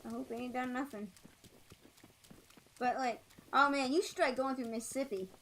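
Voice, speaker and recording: A woman's voice: high voice, moderate pace, a bit bright, rough recording. A woman streamer chatting casually while she plays, rambling with many fillers and restarts. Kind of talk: casual chat while gaming.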